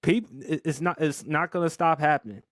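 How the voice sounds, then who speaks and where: A man's voice: a little high, brisk, a bit bright, dry recording, clean studio sound. Teasing man arguing sports on a podcast. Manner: teasing, insistent, profane. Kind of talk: casual sports talk.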